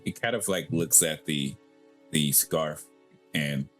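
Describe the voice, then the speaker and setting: A man's voice: extremely low pitch, slow pace, a bit bright, faint music behind. A man describing his character's actions in a tabletop game, casually, with many likes. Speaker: player.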